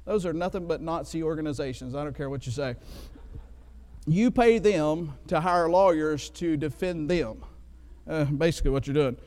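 A man's voice: fairly high pitch, moderate pace, darkish tone. Man, preacher, conversational sermon, long hall reverb. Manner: conversational, asks "right?" often. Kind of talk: sermon with scripture reading.

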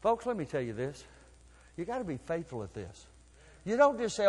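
High-voiced preacher in echoing hall. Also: male voice, very animated, moderate pace, long pauses, husky. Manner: folksy storytelling, swinging from low asides to shouted exhortation. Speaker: pastor. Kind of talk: sermon. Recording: long hall reverb.

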